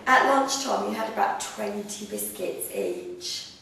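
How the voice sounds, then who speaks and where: A woman's voice: mid-range voice, huge pitch swings, unhurried, vocal fry, fairly bright tone, a little hiss or hum. Teasing woman in an echoey room. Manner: teasing, laughing, mock-scolding. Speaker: reality show housemate. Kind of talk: casual late-night banter. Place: house bedroom, late at night. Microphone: worn radio mic. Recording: echoey room, far from mic.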